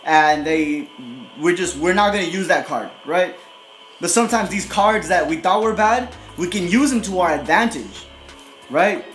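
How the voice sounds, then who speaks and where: A man with a high voice talks in a blunt, aggressive, profane way, tagging "right?" onto nearly every line. His casual motivational monologue is recorded in an echoey room. Faint music plays behind him. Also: animated, moderate pace, a bit bright. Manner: profane, repeats "right?" constantly. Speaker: motivational video host.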